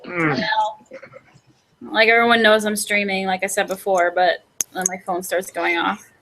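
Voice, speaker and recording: A woman's voice: mid-range voice, fairly even intonation, normal speed, fairly bright tone. A woman streaming a card game, chatting casually and laughing along with friends.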